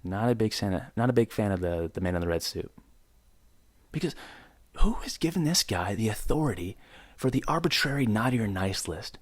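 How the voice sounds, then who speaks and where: A young man rants on his solo podcast, his low voice swinging wide between grumbling and indignant squeaks. He jokes and rambles in mock outrage. The sound is close and dry, with no room at all. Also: lively intonation, a little fast, dry recording. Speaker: podcast host. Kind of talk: solo comedic podcast rant. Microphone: close podcast mic.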